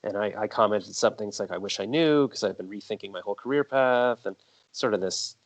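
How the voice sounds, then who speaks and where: A man with a fairly low voice hosts a podcast interview at a brisk clip. He chats casually and rambles through long, chatty stories. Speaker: podcast host.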